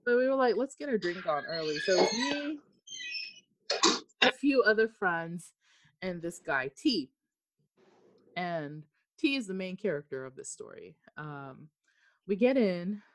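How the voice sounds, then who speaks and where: Animated woman telling a story on a call. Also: fairly low pitch, no echo. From Okinawa, Japan. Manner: animated, swears freely, quotes herself. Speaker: storyteller on a group video call. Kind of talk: casual storytelling. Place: home in Texas during a storm. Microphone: video call.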